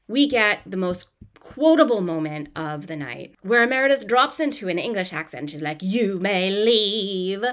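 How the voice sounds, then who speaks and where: A woman hosting a podcast, recapping a reality show in a chatty, gossipy, animated way. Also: lowish voice. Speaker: podcast host.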